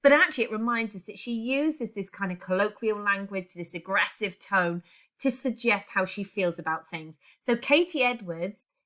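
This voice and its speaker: A woman's voice: mid-range voice, bright, forceful tone. A woman teaching a language lesson online, explaining step by step and putting questions to her class. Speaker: English teacher.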